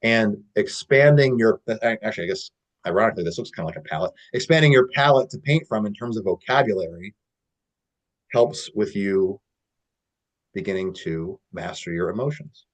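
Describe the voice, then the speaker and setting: A man coaching on a casual call, telling stories with a relaxed manner and lots of "like" and "you know". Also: lowish voice, normal speed. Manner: relaxed storytelling with many fillers. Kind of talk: casual teaching talk.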